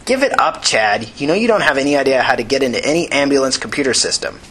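A man's voice: mid-range voice, animated, fast talker, fairly bright tone, husky. A man reading a story, voicing an older female hacker who teases a young man. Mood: mocking. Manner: teasing. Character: older woman hacker, mocking and playful.

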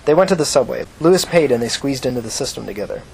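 A man narrating an audiobook in a steady, measured reading. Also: medium pitch, vocal fry, husky.

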